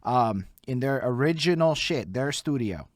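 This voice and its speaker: A young man from Montreal hosting a casual interview, excitable and profane, who keeps recapping what his guest says. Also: medium pitch, measured pace. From Montreal, Canada. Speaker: podcast host.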